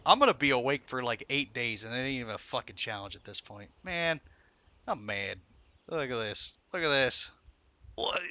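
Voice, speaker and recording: A man's voice: medium pitch, sharp tone. A young man streaming a game, swearing often and swinging between frustration and laughter. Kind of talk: live gameplay commentary.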